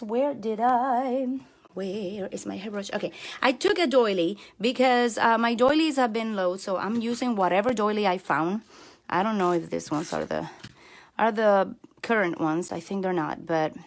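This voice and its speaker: A woman's voice: medium pitch, creaky. Chatty woman demonstrating card crafts. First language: not English. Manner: chatty and self-deprecating, talks while working. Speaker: card-making channel host. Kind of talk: live crafting demo, reading viewer comments.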